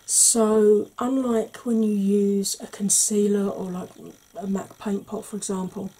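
A woman hosting a soft-spoken ASMR makeup tutorial, chatty and explanatory, sometimes dropping into a whisper. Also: medium pitch, level tone, unhurried, breathy edge, rough recording.

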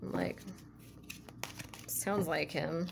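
A woman's voice: sits low, fairly even intonation, very slow, gravelly, background noise. A woman giving a casual spiritual tarot reading, rambling and full of "like" and "you know", laughing easily. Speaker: tarot reader.

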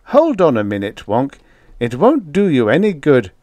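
A man's voice: mid-range voice, huge pitch swings, moderate pace, a little mellow, dry recording, pitched above the performer's own voice. A man voicing a practical, wisecracking male diplomat with a dry delivery. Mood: wry, brisk.

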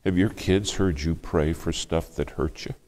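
A man preaching a sermon, telling a family story with hushed asides and louder bursts. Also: deep voice, a little slow. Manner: dramatic storytelling, acts out quoted speech, shifts between hushed and loud.

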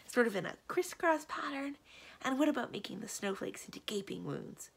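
A woman's voice: lively intonation, moderate pace, gravelly, breathy edge, exaggerated voice. Sweet young witch girl, as a woman puts her on. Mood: eager. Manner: pleading, high and earnest.

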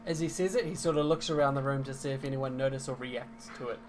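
A man's voice: medium pitch, quick pace. Man, game master, rambling, lots of ums, self-correcting, faint noise behind. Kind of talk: narrating a tabletop game.

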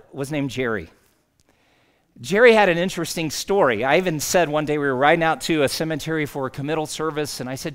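Conversational male pastor preaching a sermon. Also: fairly high pitch.

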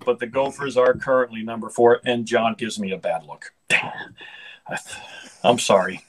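A man's voice: medium pitch, fairly even intonation, moderate pace, a bit bright, slight background noise, poor audio. A middle-aged man, a hockey broadcaster, chatting casually in an interview with an upbeat, rambling manner and frequent restarts.

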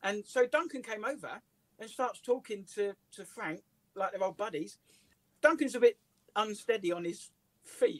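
English male comedian, high voice, animated storyteller, dry recording. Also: moderate pace, no room sound. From England. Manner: lively, laughs through his stories. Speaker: comedian and writer, guest. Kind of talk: casual anecdotal storytelling. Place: office.

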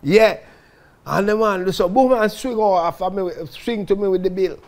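Jamaican guy, pretty high voice, telling his life stories all dramatic, keeps going "people". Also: moderate pace. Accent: Jamaican Patois. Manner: lively, dramatic, addresses listeners as "people". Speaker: storyteller recounting his life. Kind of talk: casual spoken autobiography.

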